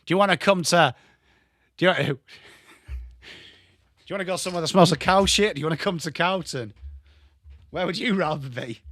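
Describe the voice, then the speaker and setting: A man's voice: normal speed, pauses often, fairly bright tone, no echo. An Englishman putting on a brash Aussie ad voice. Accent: put-on Australian. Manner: exaggerated salesman pitch. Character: mock Australian tourism-ad man, brash and inviting.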